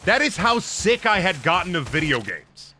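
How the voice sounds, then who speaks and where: Bright, animated ranting young man. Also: sits high, moderate pace, slight background noise. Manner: profane, emphatic ranting. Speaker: streamer. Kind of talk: ranting casual stream talk.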